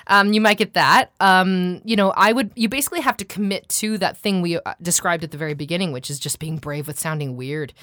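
A woman working as a coach, explaining her methods in a chatty, animated way with lots of fillers and restarts. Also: on the low side, fairly quick, few pauses, no echo, studio quality. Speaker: accent and dialect coach. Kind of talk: conversational interview.

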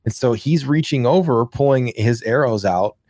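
In a dry recording, this country-raised co-host speaks at normal speed in a mid-range voice. He's an animated storyteller, spinning rambling, profane tales of his rural childhood during a casual podcast chat.

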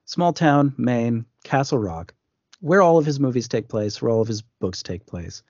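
A man's voice: medium pitch, lively intonation, normal speed, a little mellow, dry recording. A man co-hosting a podcast, chatting casually and explaining things in detail. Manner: knowledgeable, explaining. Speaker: podcast co-host. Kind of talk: casual chat. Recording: muffled lo-fi podcast audio.

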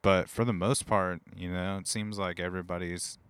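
A man's voice: deep voice, fairly even intonation, moderate pace, fairly bright tone, clean tone. A man co-hosting a podcast in casual chat, laid-back and filler-heavy. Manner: laid-back, lots of "like" and "dude", laughs easily. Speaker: podcast co-host.

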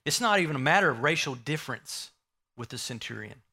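A man's voice: mid-range voice, animated, fairly quick, pushed and bright. A man preaching a sermon, emphatic, repeating key phrases and asking the listeners rhetorical questions.

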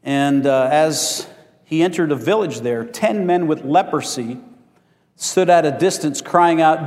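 A man's voice: on the high side, lively intonation, a little slow, a little mellow, big-room sound. A male pastor preaching a sermon in a folksy way, asking for amens from the congregation.

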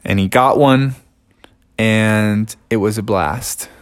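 Playful dad telling a rambling story. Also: male voice, on the low side, slow, clean tone. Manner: playful, rambling with casual slang. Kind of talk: improvised bedtime story.

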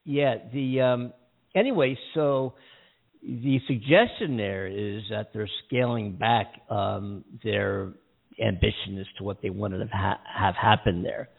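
A man's voice: on the low side, measured pace, gravelly, breathy edge. A man co-hosting a radio talk show, chatting casually about the news and often losing his train of thought and laughing at himself. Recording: phone-like streaming audio.

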